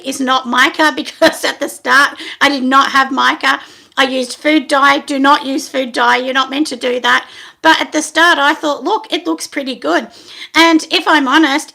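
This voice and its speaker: Bright, high-voiced woman vlogging. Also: vocal fry. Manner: rambling and self-deprecating, frequent ums, laughs at herself. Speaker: soap maker and channel host. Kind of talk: casual chatty vlog.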